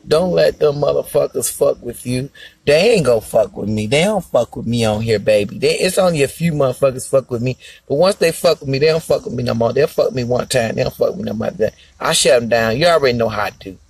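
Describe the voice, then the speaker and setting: A man's voice: mid-range voice, animated, fairly quick, creaky, a little mellow, husky, no room sound, poor audio. A male comedian on a phone live stream, brash and foul-mouthed, talking straight to his viewers.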